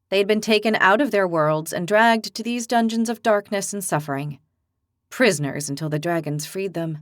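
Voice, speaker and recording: A woman reading a fantasy novel aloud as narrator, with expressive storytelling. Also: mid-range voice, dry recording, clean studio sound. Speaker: audiobook narrator. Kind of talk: scripted narration.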